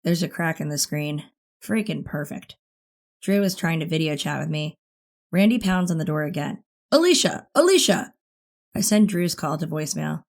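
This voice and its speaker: A woman narrating a first-person teen thriller audiobook in an expressive, intimate way. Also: sits low, moderate pace, creaky.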